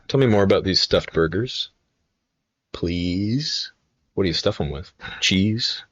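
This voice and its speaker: A man's voice: low-pitched, slow, a bit bright, husky, dry recording, lo-fi sound. A man in his twenties chatting casually on a live stream, telling rambling, profane stories full of fillers and restarts. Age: 20s.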